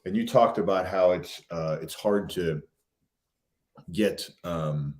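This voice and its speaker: A man's voice: low voice, takes it slowly, darkish tone. A man co-hosting a casual chat, retelling stories animatedly with many fillers. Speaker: podcast co-host.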